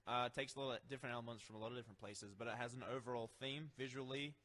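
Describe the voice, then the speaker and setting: Australian man, bright tone, playful rambling interview answers, lots of ums. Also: medium pitch, fairly even intonation, racing. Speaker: band member interviewed. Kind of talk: casual joking interview.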